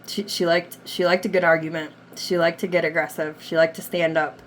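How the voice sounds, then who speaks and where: A psychic medium with a lowish, level voice talks a little fast during a spirit reading, passing along messages from the dead while hedging a lot and saying "like" constantly. A faint hiss or hum sits under the recording.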